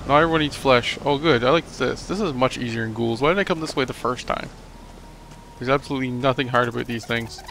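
A young man commenting on his game as a let's play host, joking and rambling and talking back at the enemies. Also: mid-range voice. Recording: noisy home recording.

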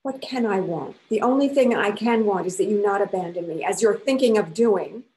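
A woman's voice: medium pitch, moderate pace, darkish tone, a little hiss or hum, lightly acted, low-quality recording. A woman reading aloud the part of a jealous, desperate young noblewoman, voice raised and accusing. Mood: heated, accusing.

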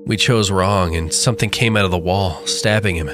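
A man's voice: deep voice, moderate pace, music in the background, natural voice. A man voicing a shaken, formerly authoritative man in a creepypasta story reading. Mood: defensive. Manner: speaks softly, then retorts defensively.

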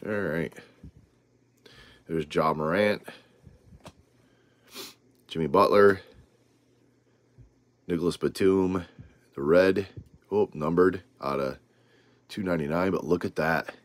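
A man's voice: low voice, takes it slowly, long pauses, dry recording. A man hosting a casual card-opening video, reading off names with rambling asides. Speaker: trading card channel host.

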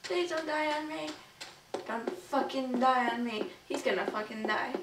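A woman casually narrating a video game playthrough, excitable and foul-mouthed, yelping and shouting at the game. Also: high-pitched, measured pace, background noise. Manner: excitable, swears a lot, yelps and shouts at the game. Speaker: gamer doing a playthrough. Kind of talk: casual let's play commentary. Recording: roomy, distant mic with game music. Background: video game music and sounds.

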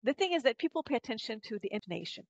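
A woman's voice: a little high, sing-song, very fast, no echo. Quebec French-accented woman with muffled audio. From Canada. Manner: thoughtful, many fillers and restarts, laughs often. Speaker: guest linguist. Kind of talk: podcast interview.

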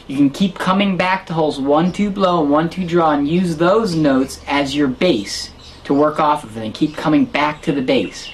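A woman with a fairly low voice leads a harmonica lesson. She explains each step patiently and counts the beats aloud. A faint hiss sits under the recording. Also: normal speed. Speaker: harmonica teacher. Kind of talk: online music lesson.

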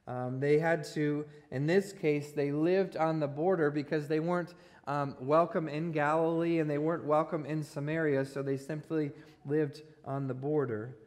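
A man's voice: fairly high pitch, fairly even intonation, normal speed, a little mellow. A man in his forties preaching a sermon in a church, telling a personal story with self-deprecating jokes and laughing at his own humor. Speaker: pastor. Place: church sanctuary.

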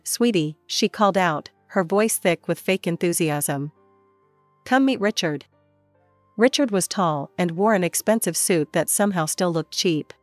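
A woman telling a first-person story as a steady scripted narration. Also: fairly low pitch, no echo. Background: faint music.

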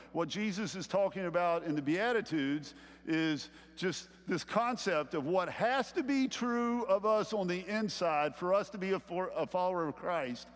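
A middle-aged man preaching a sermon as pastor, building to loud emphatic points and checking in with "okay?". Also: high-pitched, long reverb tail. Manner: animated preaching, rising louder on key points, frequent "okay?" check-ins. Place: church sanctuary.

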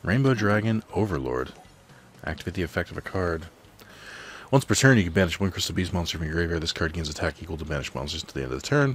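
A man's voice: low-pitched, very fast, soft background music. A man thinking aloud while he plays a card game at home, rambling and reading out card text in casual commentary. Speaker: let's play host. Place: home apartment.

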